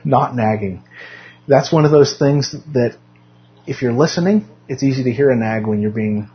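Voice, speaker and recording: A man's voice: medium pitch, moderate pace, muffled recording. A young adult man teaching a Sunday school class in a chatty, self-deprecating way, often restarting his sentences. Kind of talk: casual church teaching. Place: church classroom.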